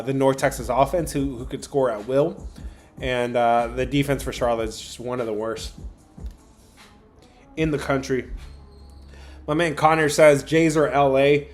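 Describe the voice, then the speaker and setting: A man's voice: mid-range voice, fairly even intonation, normal speed, faint music behind. A young man hosting a sports betting livestream, chatting casually with viewers about picks, with lots of fillers. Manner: chatty, addresses chat viewers directly, frequent fillers.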